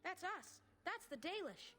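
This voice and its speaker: A woman's voice: very high-pitched, sing-song, measured pace, a bit bright, slight background noise, exaggerated voice. An actress playing a young female elf in a video game, speaking in a proud, earnest way.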